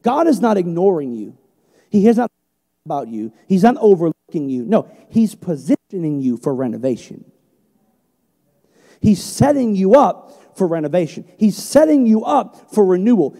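A middle-aged male pastor preaching a sermon with passion, moving between loud emphatic peaks and quiet storytelling. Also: high-pitched, big pitch swings, moderate pace. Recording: long hall reverb.

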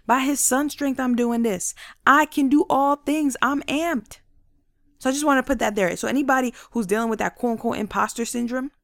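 Energetic woman with a faith-based motivational monologue, voicing doubts in asides, recorded dry. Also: sits high, dry recording. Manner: energetic, acts out inner voices in quick asides. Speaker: motivational speaker.

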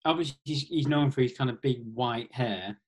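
A man co-hosting a comedy chat, adding quick jokes and agreeing often. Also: medium pitch, breathy edge.

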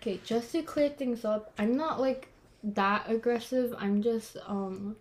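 Loud, forceful teenage girl. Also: on the high side, steady tone, unhurried. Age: teens. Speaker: podcast co-host. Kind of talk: casual chat. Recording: faint noise, close to mic.

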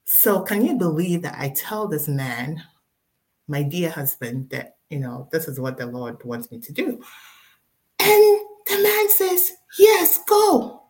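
Low-voiced woman telling her story. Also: unhurried. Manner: animated, acts out dialogue, many fillers. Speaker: guest storyteller. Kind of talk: personal faith testimony.

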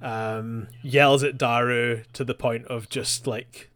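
A man chats wryly as a co-host, dropping quick asides and the odd curse. His voice is mid-pitched for a man. The recording is close and dry. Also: level tone, fairly bright tone, clear, resonant tone, no room sound. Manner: chatty and wry, swears, quick agreeing asides. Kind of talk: casual chat recapping a show.

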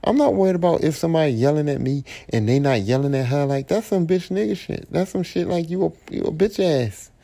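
Male podcast host, gravelly and dark-toned, blunt profane AAVE rant. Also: on the high side, lively intonation, fairly quick, hardly any pauses. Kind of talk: solo podcast monologue.

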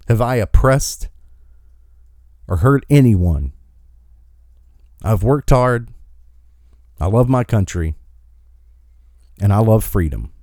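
A male podcast host rants with angry emphasis, his pitch swinging widely from line to line. The recording is dry and close, with no room sound. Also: dark tone, dry recording. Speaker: commentary host. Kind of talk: opinion podcast monologue.

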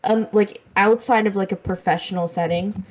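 A woman's voice: mid-range voice, fairly even intonation, normal speed. Easygoing young woman co-host. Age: young adult. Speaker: podcast co-host. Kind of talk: casual chat.

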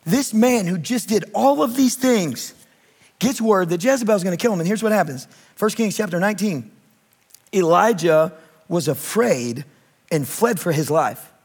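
Animated high-voiced preacher man. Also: moderate pace, breathy edge. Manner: animated preaching, rising to shouts; candid, self-deprecating personal story. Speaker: pastor. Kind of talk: sermon.

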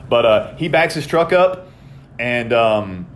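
A man, chatting casually on a podcast and telling stories in a profane, animated way. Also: medium pitch, slow pace, slight background noise. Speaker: podcast co-host. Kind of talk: casual chat.

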